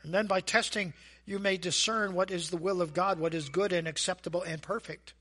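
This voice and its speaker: A man preaching a sermon as a pastor, animated and asking the congregation questions. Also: high-pitched, a little fast. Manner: animated, acts out voices and asides; asks the audience questions.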